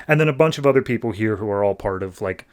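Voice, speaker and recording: A man's voice: fairly low pitch, animated, clean tone. Chatty man recapping comics. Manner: chatty storytelling, heavy use of "like", slips into quick mock voices for characters. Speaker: podcast host. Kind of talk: casual comic book recap.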